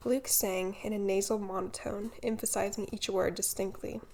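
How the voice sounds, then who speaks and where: Audiobook narrator, woman, creaky texture, calm measured reading. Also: mid-range voice. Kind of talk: scripted novel narration.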